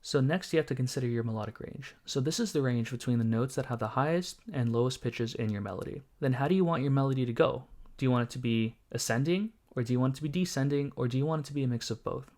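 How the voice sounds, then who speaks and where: Calm man teaching music theory step by step. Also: mid-range voice, fast talker, hardly any pauses. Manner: calm, methodical, walks through each step while playing examples. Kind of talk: step-by-step tutorial explanation.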